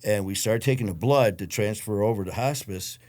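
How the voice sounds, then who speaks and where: A man's voice: fairly low pitch, a little fast, a little mellow. A man, a guest telling his story in a blunt, profane way and acting out the voices of others. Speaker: interview guest. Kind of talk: storytelling in a casual interview.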